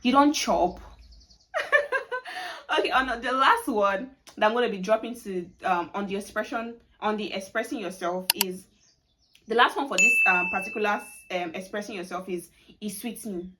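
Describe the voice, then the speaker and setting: A young woman with a Nigerian accent talks through a casual video lesson at a relaxed, conversational pitch. She is chatty and laughs easily, leaning into each example phrase with playful emphasis. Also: moderate pace, very noisy. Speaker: language teacher.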